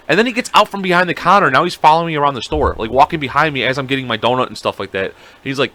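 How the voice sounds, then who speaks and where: A man's voice: mid-range voice, lively intonation, racing, bright, forceful tone. A young man telling a rambling, profane story in a casual podcast chat, quoting the people in it. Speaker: podcast co-host.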